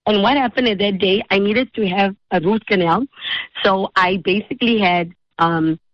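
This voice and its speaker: A woman hosting a radio talk show, telling a story with animated, acted-out quotes. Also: mid-range voice, normal speed, no echo, highs cut off. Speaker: radio host.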